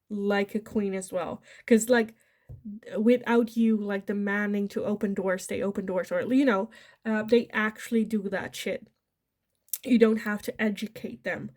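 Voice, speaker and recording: A woman from the Netherlands, giving a chatty pick-a-card tarot reading. She laughs often and acts out the lines she imagines people saying. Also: mid-range voice. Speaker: tarot reader.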